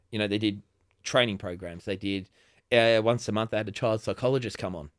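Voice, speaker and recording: A man's voice: lowish voice, brisk, dry recording, studio quality. A chatty Australian man in his forties, a podcast guest who talks casually, laughs often and restarts his sentences. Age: 40s. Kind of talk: casual conversation.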